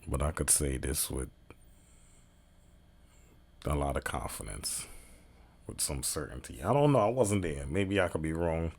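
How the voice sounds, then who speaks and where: A man's voice: very deep voice, a little slow, pauses often, darkish tone, breathy edge. A man hosting a casual reaction video, talking in a slangy, rambling, offhand way.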